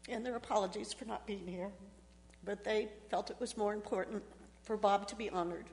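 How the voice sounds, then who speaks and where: Emotional woman, halting eulogy. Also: mid-range voice, steady tone, darkish tone. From Texas. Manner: halting, with frequent ums and restarts. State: emotional, fighting back tears. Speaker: family member giving a eulogy. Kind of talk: memorial speech. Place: church. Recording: echoey church hall.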